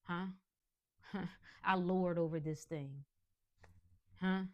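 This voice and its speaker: A woman with a fairly low voice delivers a motivational monologue as a podcast host. She talks emphatically and colloquially, pressing her points like a sermon. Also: steady tone, very slow, muffled recording. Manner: emphatic, preachy, colloquial with laughs.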